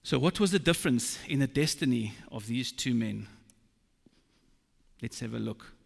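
A man preaching a sermon, slow and emphatic, quoting scripture. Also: mid-range voice, animated, vocal fry. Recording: long reverb of a large hall.

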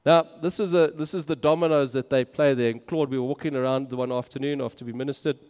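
A man's voice: medium pitch, steady tone, quick pace, a little mellow, clean tone. A man, a minister, narrating travel photos in a casual, enthusiastic and exclaiming way. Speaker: minister on a mission trip. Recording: long hall reverb.

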